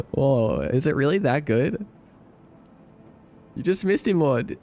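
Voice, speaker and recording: A man's voice: mid-range voice, a little fast, darkish tone. A young Australian man with an Australian accent, casually chatting on a live stream and joking around with silly impressions. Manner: laid-back, jokey, trying silly impressions. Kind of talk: casual live-stream chat reading comments.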